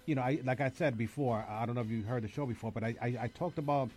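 Quick-talking male host and DJ. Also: mid-range voice, a little mellow, faint music behind. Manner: encouraging, quick, repeats words. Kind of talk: casual chat.

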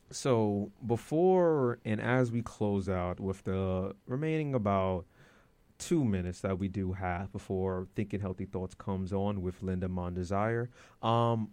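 A man's voice: fairly low pitch, unhurried, a little mellow, no echo. A man hosting a radio show from the studio board, playful and joking with his guests. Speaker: radio host.

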